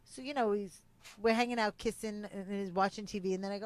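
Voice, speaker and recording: A woman co-hosting a podcast, telling a personal story in a lively way, acting out the quotes and swearing freely. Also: mid-range voice, fast. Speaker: podcast co-host. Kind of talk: casual chat, storytelling.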